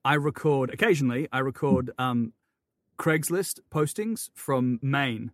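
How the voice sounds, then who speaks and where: A man who narrates audiobooks, chatting as a podcast guest with quick, self-deprecating wit. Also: medium pitch, dry recording, clean studio sound. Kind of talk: casual chat.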